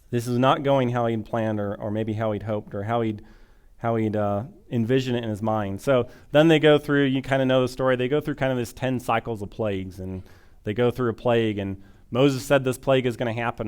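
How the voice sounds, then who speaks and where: A man gives a sermon in a smooth, clean voice at an average pitch. He retells the story casually, with lively asides and voices for the people in it. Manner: conversational, animated retelling with acted-out quotes. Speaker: pastor.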